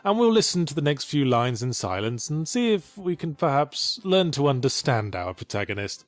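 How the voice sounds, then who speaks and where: A man's voice: mid-range voice, very animated, normal speed, no echo. A man giving dry, sardonic co-commentary over a video game. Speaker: let's play co-commentator. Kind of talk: dry mock-documentary commentary.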